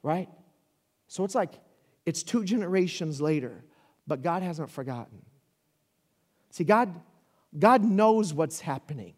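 A male pastor with a high-pitched voice delivers a sermon in a loose, conversational way. He talks to the crowd directly and climbs into loud, fiery shouts. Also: a little slow, long pauses. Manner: animated, conversational preaching with rising shouts.

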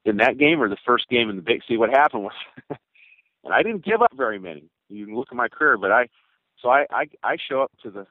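An older man with a low voice tells rambling stories from his playing days, full of fillers and acted-out quotes. The sound is dry and tinny, like a phone line. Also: no echo. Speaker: former baseball pitcher. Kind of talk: storytelling interview answers.

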